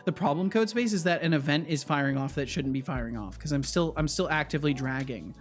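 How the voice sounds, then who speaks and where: High-voiced man thinking aloud while coding. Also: fast talker, soft background music. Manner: thinking aloud, easily startled, restarts. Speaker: game developer streamer. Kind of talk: casual live-coding chat.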